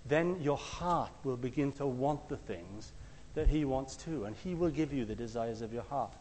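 A man preaches in a relaxed, conversational way, as if telling a story to friends. He acts out what the people in his story say and sometimes shouts their lines out loudly. There is faint noise in the background at a middle pitch. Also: normal speed, long reverb tail. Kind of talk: sermon.

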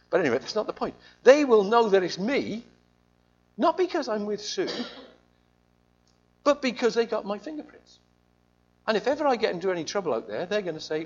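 Male preacher, high and animated, conversational sermon, muffled lo-fi sound. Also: fairly quick.

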